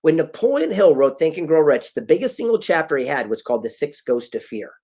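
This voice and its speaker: A middle-aged man giving an animated motivational talk, telling stories and acting out quoted dialogue. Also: on the high side, fairly quick. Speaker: motivational speaker.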